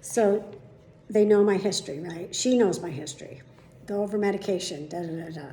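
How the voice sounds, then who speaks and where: A woman hosting her own daily vlog, telling her followers a story in a chatty, animated way, with casual swearing. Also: medium pitch, a little fast, roomy sound, slight background noise. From United States. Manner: chatty, profane, animated retelling. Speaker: vlog host.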